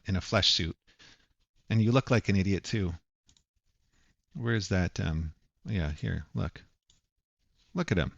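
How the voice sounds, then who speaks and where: A man's voice: fairly low pitch, vocal fry, no echo, muffled recording. A man ranting angrily in a profane, mocking monologue. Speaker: commentator. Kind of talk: angry monologue.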